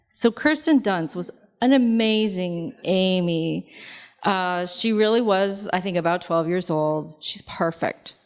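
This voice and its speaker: A woman author giving a public talk in a library lobby, speaking conversationally with many fillers and lively asides. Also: mid-range voice. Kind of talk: public lecture.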